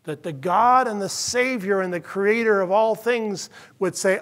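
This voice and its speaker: A man who is a pastor, preaching a sermon with earnest storytelling that drops to a hush in tender moments. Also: high voice, unhurried.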